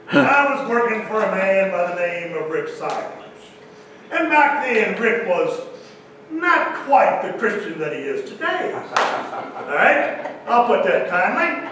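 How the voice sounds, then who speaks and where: A man telling a humorous story to a church audience in a folksy, animated way. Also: high-pitched, a little hiss or hum. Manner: folksy, animated, Southern-style "y'all" talk with quoted voices. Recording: echoey hall, distant mic.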